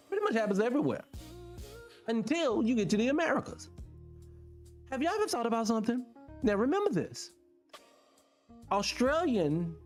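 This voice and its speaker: A fairly high-voiced man rambles to his audience in a loose, animated monologue, his pitch swinging all over as he keeps asking whether they get it. Faint music plays somewhere behind him. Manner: talks directly to the audience as y'all. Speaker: vlog host. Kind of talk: casual monologue to viewers.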